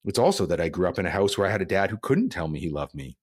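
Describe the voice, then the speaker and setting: A man's voice: lowish voice, big pitch swings, racing. A man in his thirties, a police officer and author, talking candidly and reflectively in an interview. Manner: earnest, reflective, tone rises when emphatic.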